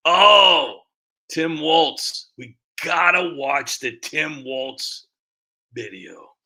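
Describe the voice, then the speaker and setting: A man hosting a casual live stream rambles along, teasing his viewers and poking fun at himself. His voice sits a little high and sounds bright and sharp. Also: animated, extremely slow, vocal fry. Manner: rambling, sarcastic, self-mocking. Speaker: streamer host.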